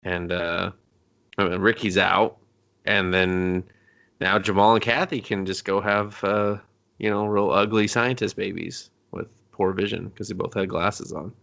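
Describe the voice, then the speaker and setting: A man co-hosting a casual comedy movie review, joking and swearing as he recaps scenes in quick put-on voices. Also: fairly low pitch, fairly even intonation, vocal fry, a bit bright. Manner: profane, joking, acts out characters in quick voices. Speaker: podcast co-host.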